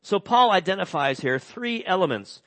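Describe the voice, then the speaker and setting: A middle-aged male pastor preaching a sermon and reading scripture, earnest, slowing and dropping soft on key words. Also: high-pitched, big pitch swings.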